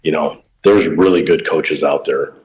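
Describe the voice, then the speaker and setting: A man's voice: rumbling low, steady tone, unhurried, a little mellow, poor audio. A middle-aged man, a professional baseball coach, talking casually in an interview and telling coaching stories in a plain-spoken way. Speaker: pro baseball coach, guest.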